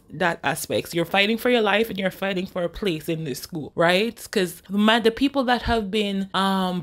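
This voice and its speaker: A woman co-hosting a book review show, talking casually and thinking aloud, often restarting her sentences. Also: on the low side.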